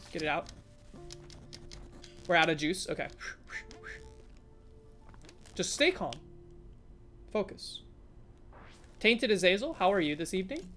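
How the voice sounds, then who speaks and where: Woman streamer, live gameplay commentary, chatty, startled yelps, lively up-and-down voice, low-ish pitch, faint music behind. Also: measured pace, long pauses. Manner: chatty, talks to chat, jumpy exclamations.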